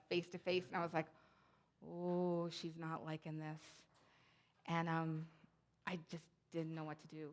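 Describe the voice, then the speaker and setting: A woman's voice: on the low side, fairly bright tone. A woman who directs a community centre, giving a conference talk in a chatty, digressive way full of asides.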